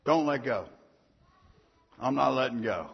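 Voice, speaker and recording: A middle-aged man preaching a sermon in a folksy storytelling way, swinging from soft asides to loud punchy lines. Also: mid-range voice, expressive, a little slow, gravelly, slightly rough. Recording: dull sound in a long-reverb hall.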